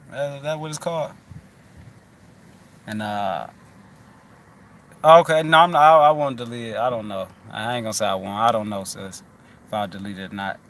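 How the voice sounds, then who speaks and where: A man's voice: medium pitch, a bit bright. A man hosting a loose, casual chat, talking in a rambling, profane way with many restarts.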